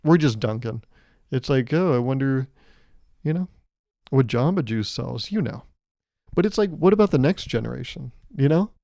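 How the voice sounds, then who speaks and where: Mellow-voiced young man rambling on a podcast. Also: medium pitch, lively intonation, moderate pace, vocal fry, pauses often, dry recording. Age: 20s. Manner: rambling, joking, self-mocking with acted-out quotes. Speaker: podcast host. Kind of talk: casual solo podcast monologue.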